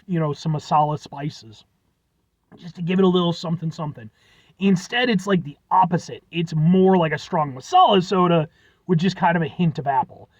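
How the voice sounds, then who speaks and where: An American food reviewer with a high-pitched voice rambles through a casual drink review, full of fillers and self-deprecating asides. The recording has no echo, and the high frequencies are cut off.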